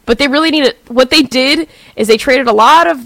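A young female sports co-host who delivers candid, opinionated takes and is quick to laugh. Her voice sits slightly high. It is recorded close and dry, with no room sound. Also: fairly bright tone, dry recording. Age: young adult. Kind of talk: sports talk radio banter.

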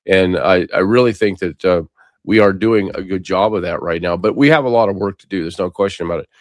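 A man's voice: deep voice, a little fast, no room sound, studio quality. An older man hosting a talk show, giving a rambling political monologue with frequent restarts and repeated words.

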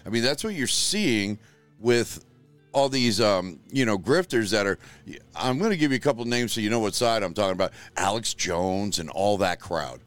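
A man's voice: lowish voice, animated, moderate pace, fairly bright tone, soft background music. A middle-aged man hosting a show from a spare room at home, talking in a blunt, rambling, profane way. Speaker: show host. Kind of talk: casual livestream talk.

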